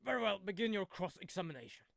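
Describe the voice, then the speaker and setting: A man playing a loud flustered old judge. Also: high-pitched, animated, fast, no echo, studio quality. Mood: bewildered. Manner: raised, exclaiming voice.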